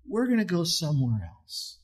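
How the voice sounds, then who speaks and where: Middle-aged male pastor, husky, earnest conversational sermon delivery. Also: on the high side, huge pitch swings, moderate pace. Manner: earnest, conversational preaching with rising emphasis.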